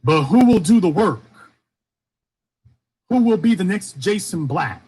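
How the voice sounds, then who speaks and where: Husky, animated Southern-born man preaching. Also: high-pitched, measured pace. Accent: faint Southern US. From Shreveport, Louisiana, US. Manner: rhetorical, repeating questions, rising and falling emphasis. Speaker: commentator. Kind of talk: impassioned streamed monologue.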